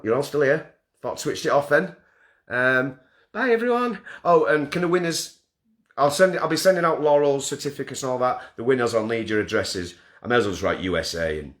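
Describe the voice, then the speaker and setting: A man's voice: mid-range voice, a bit bright. A man hosting a festival live stream from his front room, joking and self-deprecating as he rambles through the winners. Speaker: festival host announcing winners. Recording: roomy front-room echo.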